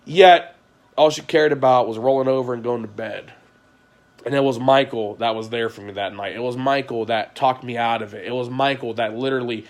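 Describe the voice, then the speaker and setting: A man in an ordinary middle pitch speaks straight to his audience in a confessional monologue. His voice jumps from loud outbursts to hushed, low passages. He keeps restarting his sentences and swears bluntly while he recounts what happened. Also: fairly quick. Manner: agitated storytelling, voice rising and falling sharply; frequent restarts and profanity. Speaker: vlogger.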